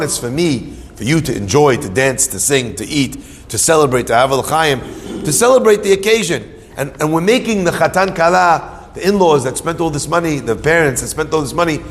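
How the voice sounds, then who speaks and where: A middle-aged man, a rabbi, giving an animated sermon to a live audience. He tells stories, asks and answers his own questions, and mixes in Hebrew terms. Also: fairly high pitch, vocal fry, a little hiss or hum. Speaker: rabbi teaching Torah. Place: hall with an audience. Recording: long reverb of a hall.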